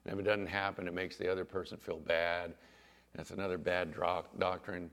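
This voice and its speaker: A middle-aged man preaching a sermon, telling a personal story in an animated storytelling manner. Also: deep voice, a little fast. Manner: animated storyteller, rising to excited exclaims. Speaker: pastor.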